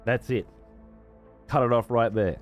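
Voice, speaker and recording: A man's voice: medium pitch, fairly even intonation, a little slow, soft background music. An Australian man streaming a game, swearing freely and ranting in exasperation while he chats to viewers. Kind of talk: casual gaming stream commentary.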